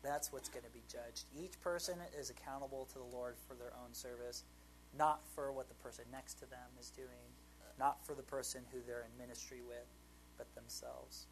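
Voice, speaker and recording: A man's voice: mid-range voice, fairly even intonation, normal speed, slight background noise, low-quality recording. A man preaching a sermon in an informal, conversational way, often checking in with his listeners. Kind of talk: conversational Bible teaching.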